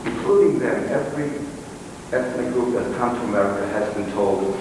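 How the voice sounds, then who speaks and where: A man with a Brooklyn accent performing a poetic one-man stage show, telling stories with animated delivery, recorded from far off in a theater. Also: medium pitch, moderate pace. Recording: distant echoey hall, noisy.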